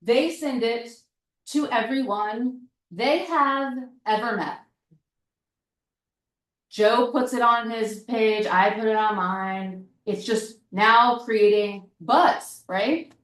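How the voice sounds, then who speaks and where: Woman presenter, a bit high-pitched, casual and animated, miked from afar in a roomy space. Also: takes it slowly. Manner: chatty and animated, fond of "like" and "right?"; repeats points for emphasis. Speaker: workshop presenter. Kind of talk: casual seminar talk. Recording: echoey room, mic at a distance.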